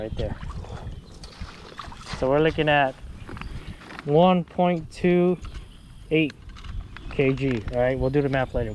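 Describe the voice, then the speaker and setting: Out on a creek, a young fishing vlogger chatters excitedly at a medium pitch, calling his buddies dude and bro and saying the same exclamations over and over. The action camera picks up heavy rushing water around his casual commentary.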